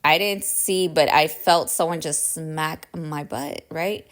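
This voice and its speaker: Low-voiced woman telling a personal story. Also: slow pace. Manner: casual, chatty, checks in with listeners with "right?". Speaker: podcast host.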